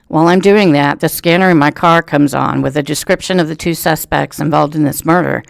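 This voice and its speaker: A man, reading a local news story aloud in a steady storytelling way for a radio reading service. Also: fairly high pitch, creaky, dry recording. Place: thrift store.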